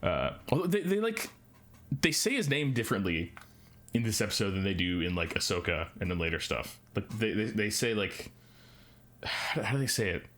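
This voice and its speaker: Man, podcast co-host with a low-set voice, casual and hesitant, reads recaps with frequent fillers. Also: very animated, moderate pace, fairly bright tone. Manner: hesitant, many fillers and restarts. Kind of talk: casual podcast chat, reading episode summaries.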